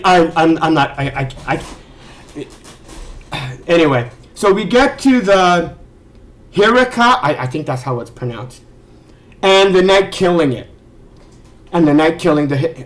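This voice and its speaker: A man's voice: sits high, rough recording. Exasperated sarcastic man ranting. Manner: exasperated, sarcastic, swears, stammering restarts. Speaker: video reviewer. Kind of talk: ranting commentary.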